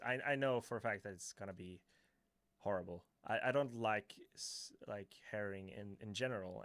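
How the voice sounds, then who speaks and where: A man's voice: lowish voice, fairly bright tone, no echo. Swedish man hesitantly chatting on a livestream. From Sweden. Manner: hesitant, filler-heavy, self-correcting, chuckling. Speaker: YouTuber answering chat questions. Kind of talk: casual livestream Q&A.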